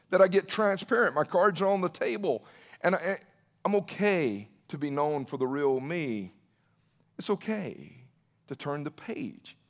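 A man preaching with fervent conviction in a high-pitched voice, hammering the same phrases again and again. His intensity climbs until he is nearly shouting. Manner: fervent, repetitive, builds to emphatic near-shouting. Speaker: pastor. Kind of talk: impassioned preaching talk.

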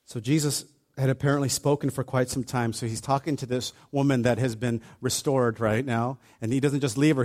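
A man with a mid-range voice preaches a sermon in a conversational, animated style, acting out little asides while retelling the story.

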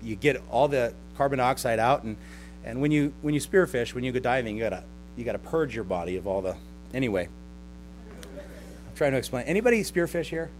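A man's voice: mid-range voice, lively intonation, fairly quick, a little hiss or hum. A man who is a pastor preaching a sermon to his congregation, talking in a conversational way with chuckles and sarcastic asides. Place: church service with a live congregation.

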